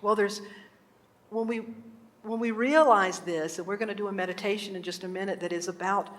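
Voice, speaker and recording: A woman's voice: mid-range voice, brisk. A woman minister giving an earnest sermon in a church, telling stories and asking the congregation questions. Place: church sanctuary. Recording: echoey hall.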